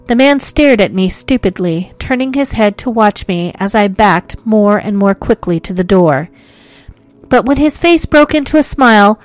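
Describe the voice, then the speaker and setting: A woman's voice: medium pitch, no room sound. Woman narrating a suspenseful ghost story.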